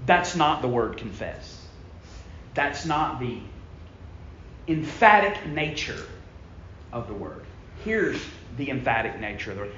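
A man preaching a sermon in a church, emphatic, swinging from loud bursts down to low, quiet lines. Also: big pitch swings, a little slow, long pauses, slight background noise. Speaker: pastor. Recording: echoey room, dull lo-fi sound.

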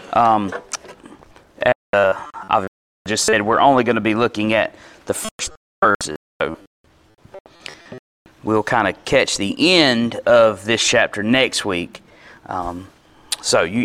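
A man preaching a sermon in a church, reading scripture and adding relaxed, conversational asides. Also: medium pitch. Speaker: pastor.

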